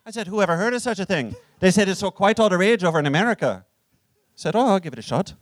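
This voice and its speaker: A cheeky, grandiose Irish poet, played by a man on a live comedy stage, with an Irish accent and a slightly high voice. He boasts and jokes, then drops into heavy, ponderous declaiming. The sound is close and dry. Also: lively intonation, quick pace, dry recording. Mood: jovial, boastful. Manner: jovial boasting, ponderous solemn recitation. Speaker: guest. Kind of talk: live comedic character performance.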